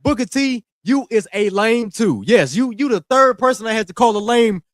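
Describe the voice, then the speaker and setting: A man's voice: very high voice, animated, normal speed, no echo, clean studio sound. Heated slangy male wrestling podcaster. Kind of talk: casual ranting commentary.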